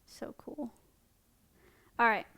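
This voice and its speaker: A woman's voice: slow, sharp tone. A young woman streaming from an animal sanctuary, talking casually and gushing affectionately about a small bug. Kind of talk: casual live-stream chat. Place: indoor animal sanctuary room.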